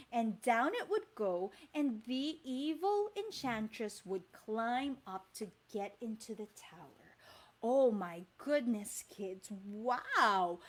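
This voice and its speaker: Animated female teacher, live storytime for kids, unhurried and high-pitched. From Philippines. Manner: animated, addresses kids directly.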